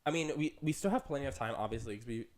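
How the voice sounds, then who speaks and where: A young man on a podcast, rambling through a story in loose casual chat and filling every gap with "like" and "um". His pitch swings far and often, leaping high whenever he acts out what someone said. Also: animated, very fast. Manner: chatty, rambling, full of "like" and "um"; jumps up high for quoted voices and laughter. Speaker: podcast co-host.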